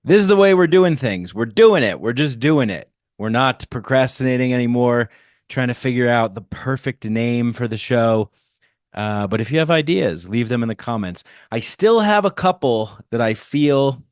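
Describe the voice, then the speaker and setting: Brief: low-voiced male host, casual and joking, dry close-mic sound. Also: animated, moderate pace, no echo. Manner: jokey, self-deprecating and rambling. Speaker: podcast host. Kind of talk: casual solo podcast intro. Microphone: close podcast microphone.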